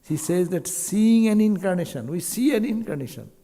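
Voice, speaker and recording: A man delivers a slow, emphatic sermon, his voice gravelly and mellow. He quotes scripture and lifts his voice at key lines. The recording carries the long reverb of a hall. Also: sits high, very animated. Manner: slow, emphatic delivery with Sanskrit terms and rising exclamations. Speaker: swami giving a spiritual talk.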